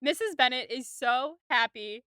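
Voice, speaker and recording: A woman's voice: sits high, a little slow, sharp tone, no echo. A woman in her twenties co-hosting a casual podcast, laying out each scene and steering the talk. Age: 20s. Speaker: podcast co-host.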